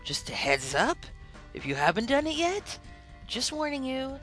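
Lively, bright-voiced podcast host. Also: sits high, unhurried, soft background music. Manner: animated, exasperated retelling with acted-out quotes. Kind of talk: casual storytelling about a video game.

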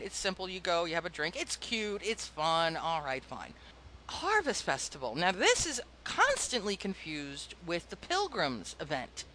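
A woman's voice: medium pitch, sharp tone, a little hiss or hum. A woman co-hosting a casual gaming podcast, playfully grumbling and laughing often. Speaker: podcast co-host.

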